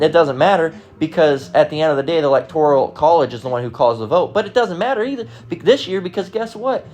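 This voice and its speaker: A man giving casual, rambling commentary on online comments, talking bluntly and profanely with frequent restarts. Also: on the high side.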